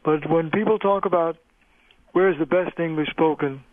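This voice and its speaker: A male linguist, a guest on a radio interview, explaining in a measured way with frequent pauses over the phone. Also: a little high, no echo. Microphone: telephone. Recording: tinny phone line, dry.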